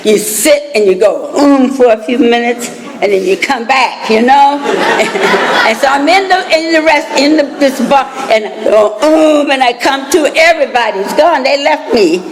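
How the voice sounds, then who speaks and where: A woman's voice: high-pitched, lively intonation, normal speed, crowd noise. Older woman telling her story in a hall. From United States. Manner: chatty storytelling with laughs and asides. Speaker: recovery meeting speaker. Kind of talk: personal recovery story. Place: meeting hall. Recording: reverberant hall.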